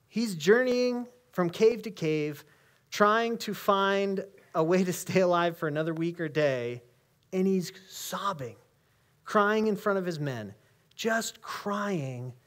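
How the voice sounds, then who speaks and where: Man preaching a conversational sermon. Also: sits high. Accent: American. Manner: conversational preaching, reads scripture slowly and emphatically. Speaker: pastor. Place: church sanctuary.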